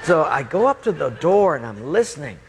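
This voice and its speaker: A middle-aged preacher tells a sermon as a story, acting out each voice and laughing as he goes. His voice sits a little high and swings widely in pitch. A faint hiss of noise runs under the recording. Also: fairly quick. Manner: animated storyteller, acts out voices, laughs often.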